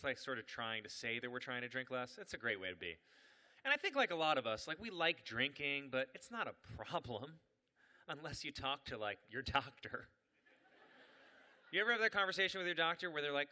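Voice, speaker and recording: Male comic host, animated and self-mocking, very bright, lively pitch. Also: fairly quick, long reverb tail. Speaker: comedian and event host. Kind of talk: live stand-up storytelling.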